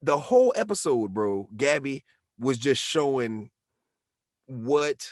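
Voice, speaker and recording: A man co-hosting a podcast in casual chat, talking in an animated, slangy way and acting out quotes. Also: medium pitch, slow pace, no room sound, studio quality. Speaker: podcast co-host.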